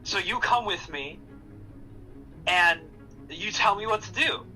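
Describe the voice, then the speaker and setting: A player in a tabletop game, eagerly pitching ideas in casual chat. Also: slow pace, pushed and bright, faint music behind, rough recording.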